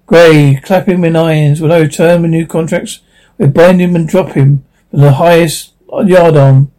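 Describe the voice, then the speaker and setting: A man's voice: fairly high pitch, steady tone, normal speed, warm tone, natural voice. A man reading the part of a ruthless, threatening male solicitor in a script read-aloud. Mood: menacing.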